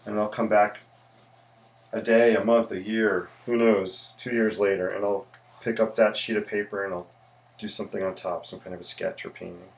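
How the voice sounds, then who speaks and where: Gravelly-voiced chatty man sketching live. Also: on the low side, level tone, moderate pace, slight background noise. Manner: chatty, greets viewers, rambling asides. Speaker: livestream host and architect. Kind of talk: casual livestream chat while sketching.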